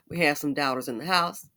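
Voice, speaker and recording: A woman giving a casual commentary monologue in a conversational way, with animated asides. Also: lowish voice. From United States. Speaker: commentary YouTuber.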